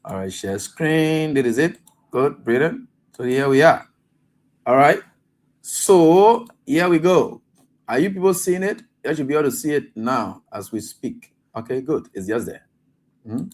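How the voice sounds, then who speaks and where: A man with a Liberian English accent hosting live talk radio, scolding and animated, stumbling over fillers as he reads a statement aloud. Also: medium pitch, a little slow. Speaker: radio talk show host.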